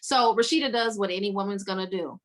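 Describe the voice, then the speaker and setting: A woman hosting a casual book-club podcast, retelling scenes with lively acted-out quotes. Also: medium pitch, fast. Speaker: podcast host.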